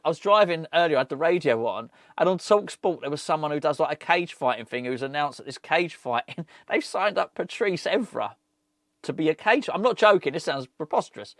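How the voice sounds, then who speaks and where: A man's voice: on the high side, a bit bright, dry recording, studio quality. A middle-aged man, hosting a fan channel and chatting casually on his own with rambling, jokey asides. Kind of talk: casual solo football chat.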